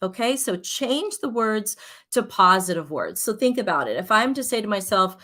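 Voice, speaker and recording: A woman hypnotherapist giving an encouraging, chatty self-help talk on a live stream, with many fillers and restarts and gentle acted-out self-talk. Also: mid-range voice, very animated, normal speed.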